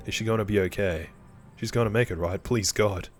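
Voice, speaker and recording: A man's voice: lowish voice, a little fast, natural voice. A man voicing a worried, guilt-ridden father in a game, pleading and earnest.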